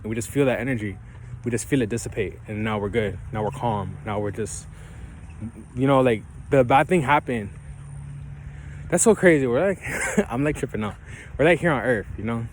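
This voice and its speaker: A man's voice: medium pitch, animated, normal speed, pauses often, a little hiss or hum. A man vlogging outdoors and giving casual motivational advice, rambling loosely and often checking in with "right?" and "you feel me?". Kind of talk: casual motivational talk to camera. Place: outdoors, ground with leaves.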